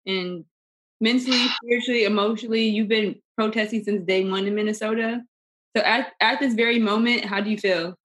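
A woman co-hosting a podcast, interviewing a guest with gentle, supportive questions. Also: mid-range voice, fairly even intonation, brisk, rough recording. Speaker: podcast co-host.

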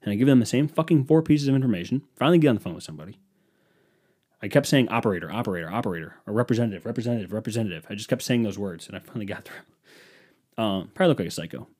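A man's voice: medium pitch, animated, fast, dark tone, slightly rough. A young man hosting a podcast, telling a profane, exasperated story in a casual solo rant. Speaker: podcast host.

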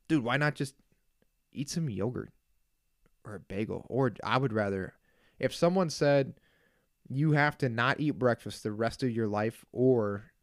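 A man's voice: on the low side, no room sound, studio quality. A young man hosting his own podcast, ranting casually and with exasperated humor, full of asides and jokes. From Kansas. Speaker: podcast host. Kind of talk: casual solo podcast rant.

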